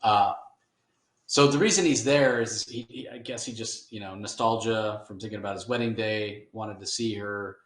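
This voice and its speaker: Man, low voice, loose rambling comic recap, roomy echo. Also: steady tone, moderate pace. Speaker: podcast host. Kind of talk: casual comic book discussion.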